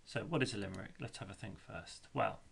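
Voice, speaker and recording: A man's voice: fairly low pitch, brisk, creaky, fairly bright tone, breathy edge. A male teacher explaining a lesson step by step, chanting rhythms aloud to show the beat.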